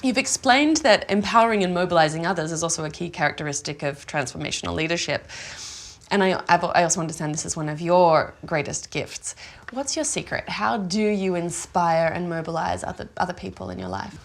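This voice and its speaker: A woman hosting an interview, asking polished, measured questions. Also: fairly low pitch, gravelly.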